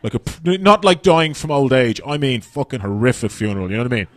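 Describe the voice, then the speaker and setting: A man's voice: mid-range voice, dry recording. A man from Dublin with an Irish accent, doing a blunt, profane stand-up set on a comedy stage. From Dublin, Ireland. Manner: profane, blunt, rapid-fire.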